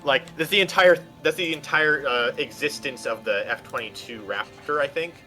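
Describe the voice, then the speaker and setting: Bright-voiced man, halting and earnest. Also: medium pitch, soft background music. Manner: halting, restarts often while building an argument. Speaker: voice chat guest. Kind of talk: casual chat.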